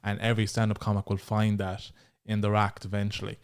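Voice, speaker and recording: A man's voice: fairly low pitch, monotone, a little fast, clear, resonant tone. An Irish man hosting a casual podcast interview, chatting eagerly about comedy. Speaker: podcast host.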